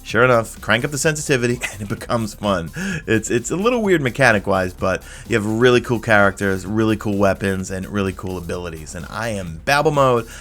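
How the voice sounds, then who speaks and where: Sleepy, rambling young man with a low voice. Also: animated, fairly quick, fairly bright tone, soft background music. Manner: rambling, self-amused, loose and chatty. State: up all night, sleepy. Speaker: gaming YouTuber. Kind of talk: casual game commentary.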